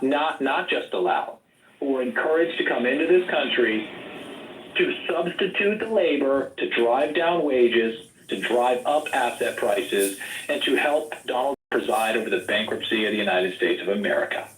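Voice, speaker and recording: A man giving a forceful, rambling campaign pitch in a group voice chat and talking over people who interrupt him. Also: echoey room, poor audio. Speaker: political candidate.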